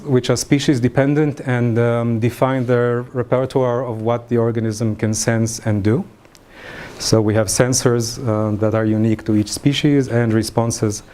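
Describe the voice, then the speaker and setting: Halting, mellow-voiced male lecturer. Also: medium pitch, a little hiss or hum. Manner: halting, many fillers and restarts. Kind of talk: academic lecture.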